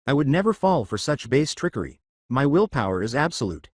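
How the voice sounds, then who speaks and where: A man's voice: mid-range voice, sing-song, brisk, slightly rough, dry recording, studio quality. A man voicing a stiff, rule-bound teenage class president who speaks formally. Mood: indignant. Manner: formal, indignant.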